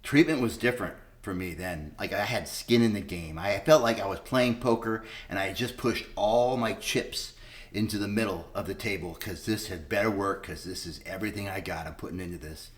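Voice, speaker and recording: Speaking fairly quickly in a lowish register, this middle-aged man recounts his recovery. He swears often and re-enacts old conversations, keeping his personal testimony frank and rough around the edges.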